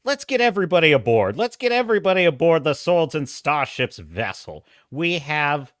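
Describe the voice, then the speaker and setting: A middle-aged man hosting his own live show, talking fast and loose with frequent laughs. His voice sits a bit high and sounds bright, and it is recorded dry and close. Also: no room sound. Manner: animated, laughing often, reads chat aloud. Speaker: host. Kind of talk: casual live-stream commentary.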